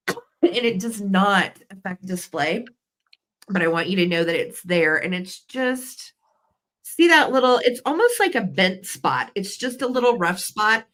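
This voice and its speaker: A woman's voice: mid-range voice, animated, measured pace, a bit bright. A woman hosting a live vintage sale, chatty and gushing, with an allergy cough. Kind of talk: live auction selling chat.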